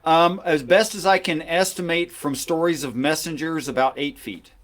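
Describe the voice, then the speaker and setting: A man's voice: fairly high pitch, steady tone, normal speed, fairly bright tone. A man hosting a podcast discussion, explaining his views assertively and reading old texts aloud. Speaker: podcast host.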